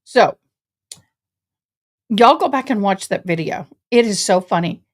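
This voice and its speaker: A woman's voice: mid-range voice, lively intonation, measured pace. A woman from Tennessee, chatting casually to her livestream viewers from her home office, a little tired. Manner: chatty, addresses chat as y'all. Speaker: livestream host.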